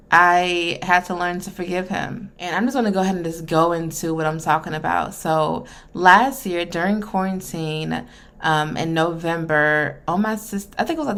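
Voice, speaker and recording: A young woman, telling a personal story in an expressive, candid vlog. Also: fairly low pitch, gravelly. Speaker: vlogger.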